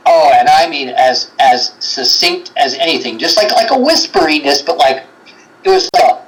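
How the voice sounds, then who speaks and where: A man's voice: on the high side, very animated, normal speed, fairly bright tone, low-quality recording. A man telling a story as a guest on a paranormal talk show, rambling with many fillers and acting out quotes. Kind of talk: animated storytelling in a livestream chat.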